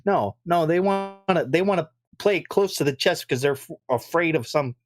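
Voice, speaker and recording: Male podcast co-host on a profane rant, slightly high voice, dry booth sound. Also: lively intonation, moderate pace, no echo, faint music behind. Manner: ranting, profane, exasperated.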